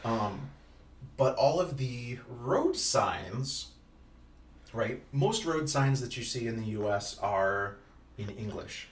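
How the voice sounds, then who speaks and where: Rambling, playful dad in an echoey room. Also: male voice, mid-range voice, animated, slow pace. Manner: rambling and playful, with frequent ums and restarts. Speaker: podcast co-host and father. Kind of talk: casual chat. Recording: echoey room, distant from the mic, faint noise.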